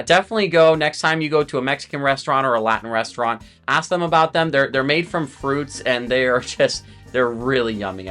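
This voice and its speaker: A man's voice: mid-range voice, fairly bright tone. Chatty man teaching a lesson. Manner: chatty, friendly asides, repeats words. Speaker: language teacher. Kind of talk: explaining lesson to camera.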